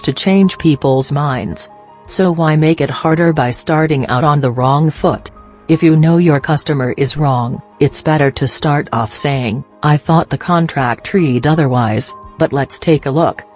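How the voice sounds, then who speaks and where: A narrator giving scripted, instructive narration for a customer-service training video. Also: medium pitch. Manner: steady, instructive reading.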